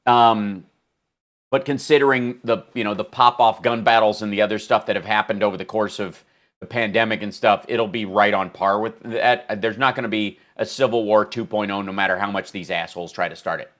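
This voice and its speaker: A man's voice: fairly low pitch, fairly even intonation, brisk, a bit bright. A man hosting a live political comedy stream, joking and swearing as he rambles. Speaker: host.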